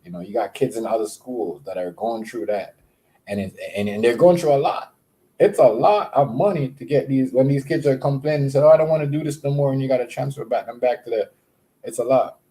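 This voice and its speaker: A man hosting a casual livestream, rambling with many fillers and repeated words, giving shout-outs to viewers. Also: medium pitch, fairly quick. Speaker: livestream host.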